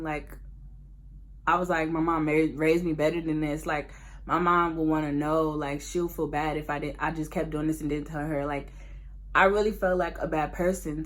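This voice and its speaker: A young woman talking straight to her viewers in a casual storytime vlog, candid and animated. Her voice sits a little low for a woman, and she jumps between slang, laughter and earnest confession. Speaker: vlogger.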